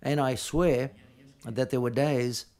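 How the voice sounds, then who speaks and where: Man, mid-pitched voice, press conference answers, halting, frequent restarts. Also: fairly even intonation, darkish tone.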